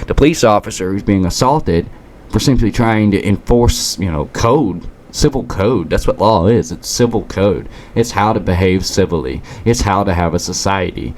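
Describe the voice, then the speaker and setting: A US political commentary host with a lowish, darkish voice delivers a combative, sarcastic rant. Now and then he trips over his words and starts again.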